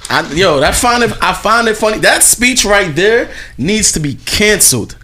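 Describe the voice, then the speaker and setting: A man hosts a casual chat, telling stories in a laid-back and profane way. His pitch moves with plenty of life through each story. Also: animated, normal speed, pushed and bright.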